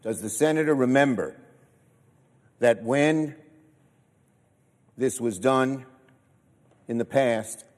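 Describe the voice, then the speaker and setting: A man, a senator, asking pointed questions in formal, measured floor language. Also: mid-range voice, darkish tone. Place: large legislative chamber. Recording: long reverb of a large chamber.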